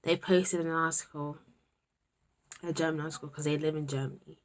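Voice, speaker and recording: A young woman in her twenties with a British accent talks straight to the camera in a candid vlog. Her voice sits on the low side, and she rambles, sighs and talks to herself in an exasperated way. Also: steady tone, moderate pace. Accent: British English. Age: 20s. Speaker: university student vlogger.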